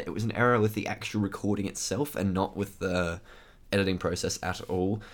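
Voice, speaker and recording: A man with a very low voice gives a short editor's note ahead of a podcast. He sounds matter-of-fact and fills his pauses with plenty of "uh" and "um.". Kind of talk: spoken note before a podcast.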